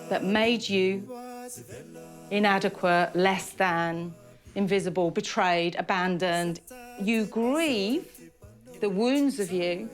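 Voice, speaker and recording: A woman facilitating a group healing retreat, addressing the participants in a measured, soothing way. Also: medium pitch. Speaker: workshop facilitator.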